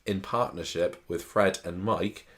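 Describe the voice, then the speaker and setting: A man, chatting casually as a podcast host, animated and laughing often. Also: low-pitched, a little slow. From southern England. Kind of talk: casual chat recapping a soap opera.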